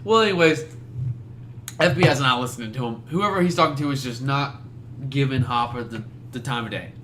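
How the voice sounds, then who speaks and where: A young man co-hosting a podcast in casual chat, recapping with animated storytelling. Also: mid-range voice, fairly quick, slight background noise. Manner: animated storytelling with acted-out quotes. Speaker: podcast co-host.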